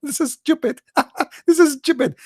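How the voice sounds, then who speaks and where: A man voicing an excited, mocking male debate opponent who shouts, scoffs and laughs. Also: very high voice, normal speed, no room sound, clean studio sound, voice pushed up. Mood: scornful, jeering.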